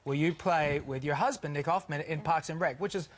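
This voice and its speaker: Woman host, lower voice, rapid chatty delivery. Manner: chatty, quick questions. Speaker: radio co-host. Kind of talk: casual interview chat.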